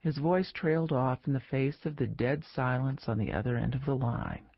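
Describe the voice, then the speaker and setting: A man reading a political thriller audiobook in steady narration. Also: medium pitch, normal speed, vocal fry, no echo, dull audio.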